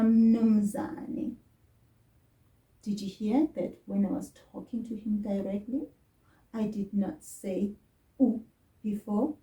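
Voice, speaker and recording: A woman gives a slow, patient children's language lesson in a mellow, dark-toned voice. She sounds a little far from the mic, in an echoey room. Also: medium pitch. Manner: slow, careful, repeats words for the child to echo.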